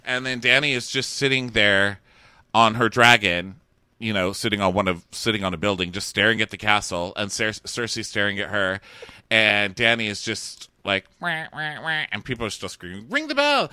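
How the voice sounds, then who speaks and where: A young man co-hosts a podcast and retells events in a playful, giggly way. His low voice has a bright, forward edge. The recording is dry and close. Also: fairly even intonation, normal speed, smooth, no room sound. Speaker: podcast co-host. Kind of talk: casual chat recapping a TV episode.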